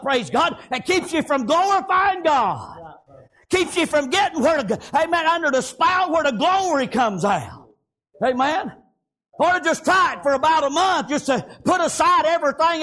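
A man preaching a fervent sermon, constantly breaking in with "amen" and "praise God" and rising into shouts. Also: very high-pitched, lively intonation, normal speed.

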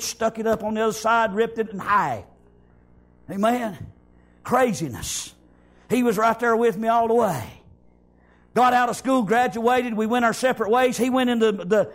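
A middle-aged man, preaching a fervent sermon and calling out for amens. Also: very high voice. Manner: fervent, calls out "Amen?" and "praise God".

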